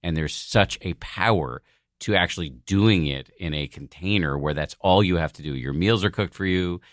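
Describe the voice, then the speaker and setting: Speaking at a normal pace in a deep voice, a male podcast guest recounts a personal story with candor and self-deprecation, now and then swearing. The studio-quality recording is dry.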